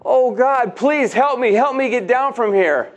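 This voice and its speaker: Preacher putting on a panicked cliff-hanging man, high-pitched, stammering, pleading. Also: expressive, slow, full character voice. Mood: frantic pleading.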